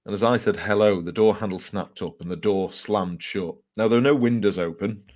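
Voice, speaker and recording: A man's voice: on the low side, a little fast. A man, a book author telling ghost stories casually, with laughs and fillers. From England. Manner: animated storyteller with fillers and laughs. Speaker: author guest. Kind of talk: casual storytelling interview.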